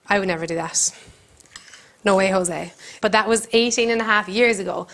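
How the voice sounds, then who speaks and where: A woman with a Cork accent hosts a comic kitchen show. She rambles through her stories in a deadpan, giggly way at an ordinary pitch, with soft music in the background. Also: moderate pace. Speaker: comedian host. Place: country kitchen.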